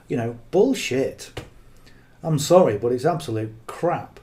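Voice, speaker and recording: A man's voice: mid-range voice, lively intonation, unhurried, dark tone. A man coaching on marketing in casual, unscripted talk, blunt and earnest, who keeps checking in with "okay?".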